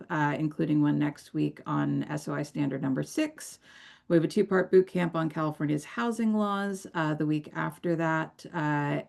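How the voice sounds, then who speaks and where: A woman with a very low voice hosts a webinar over a video call. Her tone is heavily gravelly with vocal fry, and she wraps things up in a friendly way, dotting her speech with uhs. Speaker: webinar host. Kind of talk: hosting a webinar wrap-up.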